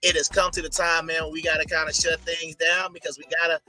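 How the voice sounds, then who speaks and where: A man's voice: a little high, little pitch movement, brisk, pushed and bright, faint music behind. Slangy laid-back male podcast co-host. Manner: laid-back, slangy, says "man" often. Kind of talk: casual podcast chat.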